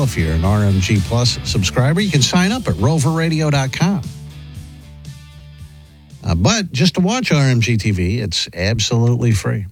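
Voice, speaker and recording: A man hosting a morning radio show, chatting casually and acting out what people in a video say. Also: medium pitch. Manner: animated, acts out what players say. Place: studio.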